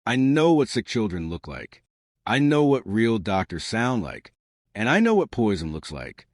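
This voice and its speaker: A man's voice: on the low side, sing-song, dry recording, studio quality. A man voicing a firm older woman housekeeper. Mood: resolute. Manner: plain, measured, growing firmer.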